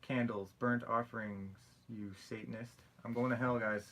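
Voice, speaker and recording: Young man, casual live-stream chat, rambling and apologetic, bright forceful tone. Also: medium pitch, steady tone, normal speed. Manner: rambling, chatty, laughs and apologizes often. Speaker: YouTube creator answering live chat questions.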